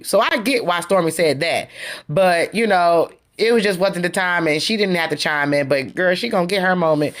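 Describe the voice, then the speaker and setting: A woman's voice: fairly low pitch, lively intonation, a little fast. A woman hosting a casual review of a reality TV episode, retelling scenes in a chatty, slangy way and acting out the quotes. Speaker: reality TV recap host.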